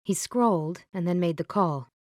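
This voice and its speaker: A woman narrating a romance audiobook in a steady, clear storytelling manner. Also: on the low side, normal speed, dry recording, studio quality.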